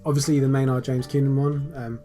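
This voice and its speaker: A man talks casually on a podcast, his humour dry and teasing. His voice holds a middle pitch, with faint music under it. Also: flat delivery, a little fast, warm tone. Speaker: podcast co-host. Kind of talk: casual chat.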